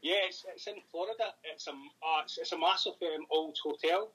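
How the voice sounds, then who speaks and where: Bright, husky-voiced Scottish man. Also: fairly high pitch, fairly quick, poor audio. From Scotland. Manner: rambling, thinks aloud with many ums. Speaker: paranormal investigator and author. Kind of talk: casual interview chat.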